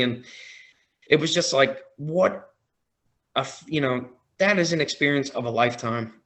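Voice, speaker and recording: A man on a podcast as a guest, telling a story in a casual, excited way, often quoting his own reactions. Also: medium pitch, a little slow. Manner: excited, retelling with quoted reactions.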